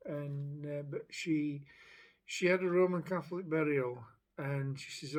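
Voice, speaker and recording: A man's voice: on the high side, fairly even intonation, a little slow, a little mellow. A man working as a psychic medium, relaying a spirit's story in a chatty, hesitant way, with many restarts. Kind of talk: spirit message monologue.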